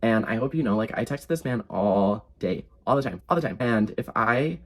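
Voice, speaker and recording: A young man vlogging a casual storytime, animated and sarcastic, with lots of fillers. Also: fairly low pitch, normal speed.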